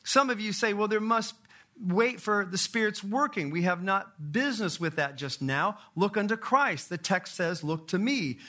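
A man's voice: high-pitched, expressive, normal speed, voice pushed up. Man acting as a fiery old country preacher. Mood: pleading. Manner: shouting, repetitive, rustic grammar. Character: fervent old male country lay preacher.

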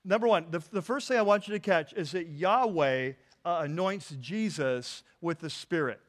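A male pastor preaching a sermon, his voice sitting a little higher than most men's. He talks earnestly, doubles back on words as he thinks, and pauses to let the congregation call out the next word. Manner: earnest, repeats words, asks the congregation to fill in words.

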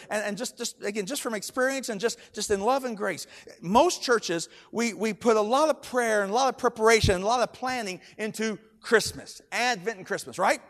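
High-voiced preaching man in a hall. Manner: storytelling preacher, repeats words, rising to loud emphatic shouts. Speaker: pastor. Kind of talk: sermon. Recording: long reverb of a large hall.

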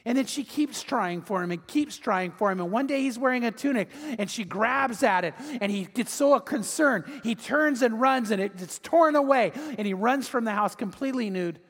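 A man preaching a sermon as pastor, telling the story with animated delivery and acting out the people he quotes. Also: very high voice, normal speed, few pauses, in a large hall.

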